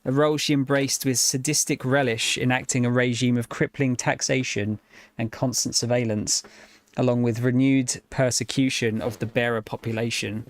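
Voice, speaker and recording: A male game streamer at a middling pitch, reading in-game lore text aloud and breaking off for dry, casual jokes about it. His tone is loose and conversational, drifting between reading and chatting. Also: flat delivery, normal speed, dry recording. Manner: wry, casual asides between read-out passages.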